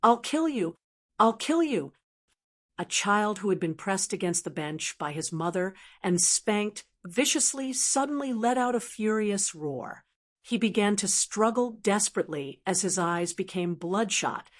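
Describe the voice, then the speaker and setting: A woman narrates a fantasy novel in a steady, even reading voice. Her pitch sits in the middle, with a plain scripted delivery. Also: unhurried.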